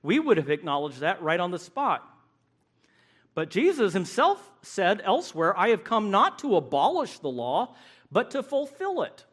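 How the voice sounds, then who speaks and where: A man preaching a sermon, emphatic and animated, acting out the voices he quotes. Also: sits high, moderate pace.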